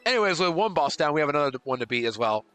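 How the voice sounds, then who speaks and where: A man streaming a video game live, chatting with his viewers and swinging from panicked outbursts to relaxed chatter. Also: a little high, rapid-fire. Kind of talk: live gameplay commentary. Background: faint game music.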